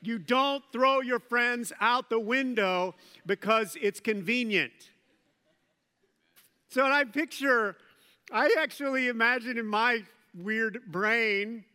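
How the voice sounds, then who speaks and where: In a large hall, a middle-aged pastor delivers a sermon in a high-pitched, clean-toned voice. His storytelling is animated, sprinkled with playful jokes and joking asides.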